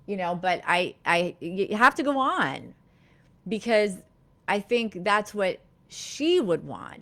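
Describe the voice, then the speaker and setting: A middle-aged woman therapist hosting a live-streamed talk, speaking gently and reflectively, with many fillers and restarts. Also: fairly low pitch. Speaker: therapist and live show host.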